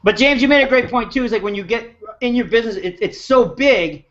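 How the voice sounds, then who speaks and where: A man's voice: very high voice, animated, fairly quick, fairly bright tone. A man hosting a casual group video chat, agreeable and encouraging toward his co-hosts. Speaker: host. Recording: dull lo-fi video call audio.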